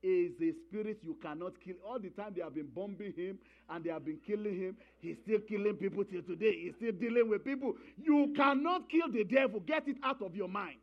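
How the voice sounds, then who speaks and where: A man's voice: sits high, brisk, hardly any pauses, highs cut off. A man preaching a sermon, emphatic, repeating key phrases and calling for responses from the congregation.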